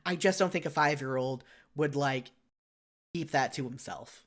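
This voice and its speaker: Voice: medium pitch, moderate pace. A podcast co-host in casual chat, rambling with lots of "like" and frequent self-corrections.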